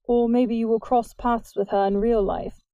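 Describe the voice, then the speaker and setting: A woman reading the lines of a gentle, polite teenage boy who loves injured animals, in a soft, earnest manner. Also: a little high, little pitch movement, normal speed, no echo, phone-quality sound, close to an everyday voice.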